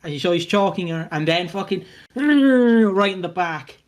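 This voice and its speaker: Laid-back British guy, fairly high voice. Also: expressive, a little slow. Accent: British English. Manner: laid-back, walks through the scene step by step. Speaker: podcast co-host. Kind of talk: casual chat recapping a soap episode.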